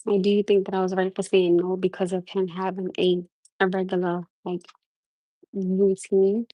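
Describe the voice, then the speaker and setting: Young woman, New York-tinged accent, mellow warm voice, casual livestream chat, keeps asking viewers, dry close sound. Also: mid-range voice, moderate pace, no room sound, low-quality recording. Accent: New York-tinged American. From Norwalk, USA. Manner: animated, repeats questions to the audience, restarts often. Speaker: livestream host.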